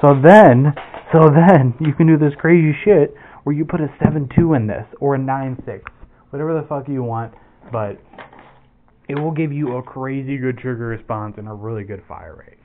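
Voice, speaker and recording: A man with a mid-range voice, speaking at normal speed, casually demos airsoft gear. He rambles, swears and keeps restarting his sentences, and the audio is tinny and phone-like with faint noise.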